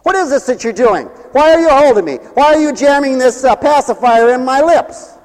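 A man's voice: extremely high pitch, expressive, normal speed, in a large hall, low-quality recording. A man voicing a four-year-old boy who insistently demands explanations. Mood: demanding.

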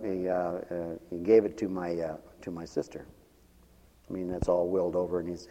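A middle-aged man preaching a storytelling sermon, rambling with restarts and swinging from hushed asides to loud, dramatic outbursts. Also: deep voice. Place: church with a balcony. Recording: long reverb from a church hall.

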